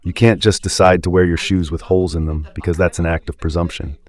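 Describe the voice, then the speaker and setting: A man's voice: low-pitched, steady tone, fast talker, darkish tone. A man with an Italian accent giving impassioned religious commentary on the radio, emphatic and rhetorical, often asking his listeners if they understand. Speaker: radio preacher.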